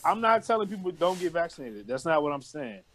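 A man's voice: on the high side, very animated, fairly quick, crowd noise. A man co-hosting a podcast, arguing his point emphatically in slangy casual chat.

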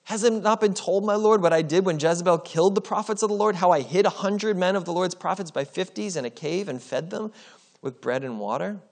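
A man's voice: high voice, brisk, voice pushed up. A man voicing a frightened servant who pleads anxiously with a raised voice. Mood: fearful pleading.

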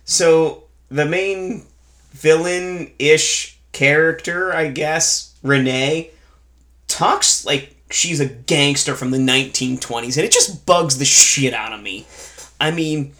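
A man's voice: a little high, takes it slowly, a bit bright. Snarky guy ranting about a film he hated, swears a lot, casual chat. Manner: blunt and sarcastic, swears freely. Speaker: podcast co-host reviewing a film. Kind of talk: casual movie review chat.

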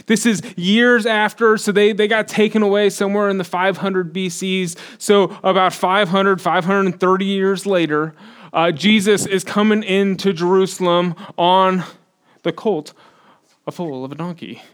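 Man, pastor, sermon, conversational, slightly high-pitched, emphatic peaks. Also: steady tone, unhurried, a bit bright, clean tone.

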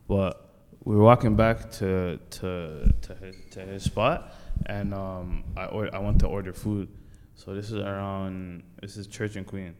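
A man's voice: low voice, unhurried, a little hiss or hum. Young man telling a story in a reverberant room. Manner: animated, acts out voices in stories. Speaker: podcast co-host. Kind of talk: casual storytelling chat.

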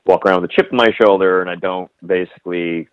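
A man's voice: sits low, steady tone, fast, clean tone, no room sound. A man being interviewed as a guest photographer, talking in long rambling stories full of restarts and fillers. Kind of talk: casual interview chat. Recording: slightly dull, dry podcast audio.

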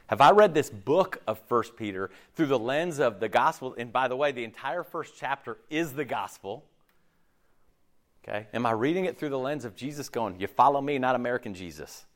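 Animated male pastor preaching. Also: medium pitch, moderate pace. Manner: animated, acts out quoted voices, keeps asking "okay?". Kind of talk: sermon. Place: church.

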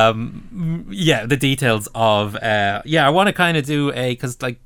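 A young Irish man hosts a relaxed podcast chat, rambling and laughing as he goes. His voice sits mid-pitch for a man. The sound is dry, with little room. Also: unhurried, clean tone, dry recording. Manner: rambling, laughs often, many fillers. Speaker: podcast host.

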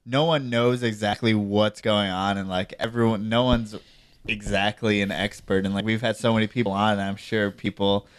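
Easygoing male podcast host, low, smooth voice, relaxed chat. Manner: easygoing, drawn-out, lots of "you know". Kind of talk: casual chat.

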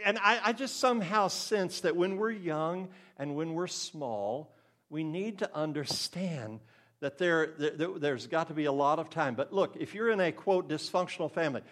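A man's voice: on the high side, fairly bright tone. An older man preaching a sermon in an earnest, conversational way, now and then acting out the voices of the people in his stories.

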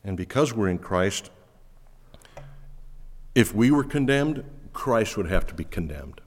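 A man's voice: on the low side, animated, a little slow, long reverb tail. A man preaching a sermon as pastor, emphatic and earnest, repeating words as he drives home each point.

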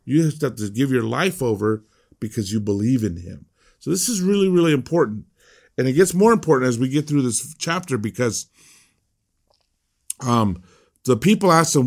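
A man's voice: medium pitch, animated, normal speed. A man preaching a conversational sermon as a pastor, emphatic and prone to repeating words.

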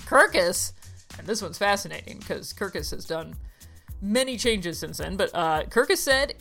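Lively, animated woman podcast host. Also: medium pitch, moderate pace, vocal fry, soft background music. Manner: animated, laughs often, reads quotes aloud. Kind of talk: casual podcast chat.

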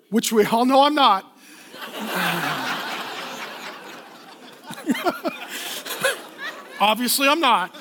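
A middle-aged male pastor preaching a sermon, telling a funny personal story in an animated, self-deprecating way. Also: extremely high pitch.

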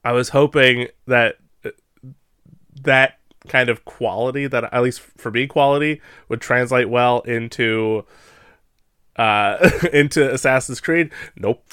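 A man co-hosting a casual podcast chat, easygoing and chuckling, with quick asides. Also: mid-range voice, a bit bright, smooth, dry recording, studio quality. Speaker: podcast co-host.

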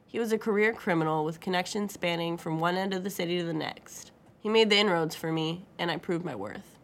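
A woman's voice: on the low side, fairly quick, a little hiss or hum. A woman narrating a first-person story with a wry, dry humor.

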